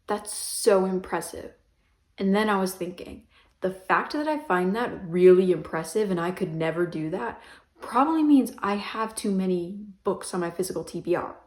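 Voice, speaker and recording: In an echoey bedroom, a young book vlogger chats casually about her books, rambling and poking fun at herself with plenty of "um" and "like." Her voice is medium-pitched with a darkish tone.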